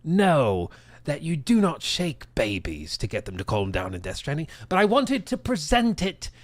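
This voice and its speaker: A man putting on a posh British gentleman smugly confessing an elaborate hoax. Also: fairly high pitch, wildly swooping pitch, moderate pace, no echo. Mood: smug confessional. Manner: plummy, smug confessional tone.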